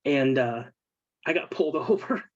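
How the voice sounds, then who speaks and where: A man, a military veteran guest, telling personal stories in a casual interview, earnest and emotional with halting fillers. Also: mid-range voice, expressive, dry recording. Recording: dull, dry remote call audio.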